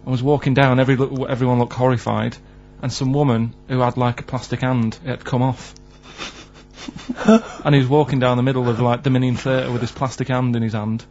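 A man who produces a radio show, telling a rambling anecdote on air. His pitch is average, and the broadcast sound is slightly dull. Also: flat delivery, fairly quick, a little mellow, slight background noise. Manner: hesitant, then rambling anecdote. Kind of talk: casual radio banter.

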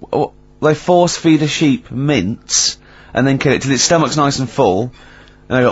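A man's voice: medium pitch, expressive, normal speed, slightly rough, muffled recording. A man hosting a radio show, telling stories in casual banter with plenty of fillers and laughter. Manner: chatty storyteller, laughs often, many fillers. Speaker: radio host.

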